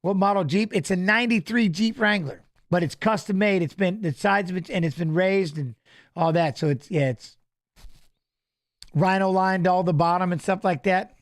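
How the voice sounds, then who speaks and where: A man's voice: sits high, normal speed. A man hosting a live fight watch-along in a loose, rambling chat, reading out fighter stats and talking to viewers. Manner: frequent "you know what I mean" tag.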